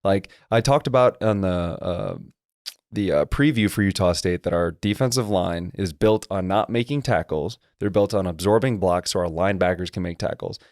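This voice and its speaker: A man co-hosting a casual sports podcast, explaining football line play in quick, detailed technical breakdowns. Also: low-pitched, darkish tone, dry recording, clean studio sound. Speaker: podcast co-host and former lineman.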